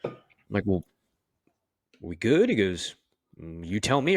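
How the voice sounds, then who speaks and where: A man's voice: lowish voice, big pitch swings, measured pace, long pauses, husky, no echo, studio quality. A man who is a fire officer, being interviewed and telling candid, profane stories full of "you know" and acted-out dialogue. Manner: acts out quoted dialogue in his stories. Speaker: firefighter officer guest. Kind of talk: casual interview storytelling.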